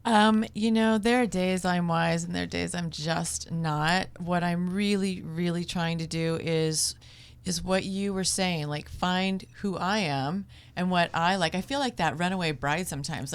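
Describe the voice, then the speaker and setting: A woman in a casual podcast chat, talking in a reflective, soft-spoken way. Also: lowish voice, steady tone, measured pace, clean tone.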